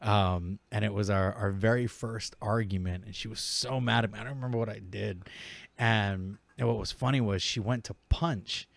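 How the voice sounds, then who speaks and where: A middle-aged man, a podcast guest, telling lively family stories in casual talk, laughing often and acting out the people he quotes. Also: fairly low pitch, moderate pace, gravelly, no room sound. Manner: animated, laughing often, quoting people in character. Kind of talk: casual storytelling. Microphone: studio podcast mic.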